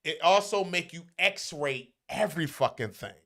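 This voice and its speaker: A man's voice: a little high, expressive, unhurried, pushed and bright. A man talking casually, blunt and profane, with emphatic, brash delivery. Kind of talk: casual chat.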